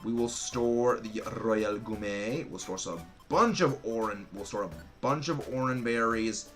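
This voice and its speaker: A male streamer giving excitable, rambling commentary while he plays a game, restarting his sentences often. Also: fairly low pitch, measured pace, soft background music. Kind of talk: casual gameplay commentary.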